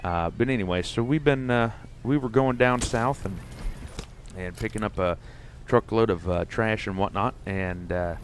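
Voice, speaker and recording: A low-pitched young man with a drawl talks loosely over a fishing game, restarting sentences and wandering through a folksy tale. A faint hum of background ambience sits under his voice. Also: moderate pace. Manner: rambling, folksy, lots of restarts. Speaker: gaming streamer. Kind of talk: casual gameplay commentary and storytelling.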